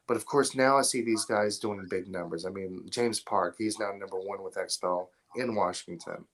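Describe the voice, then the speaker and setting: A man's voice: on the low side, normal speed, fairly bright tone. A man as a podcast guest, talking bluntly and profanely in casual chat, rambling through stories. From Atlanta area, US. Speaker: podcast guest, film installer.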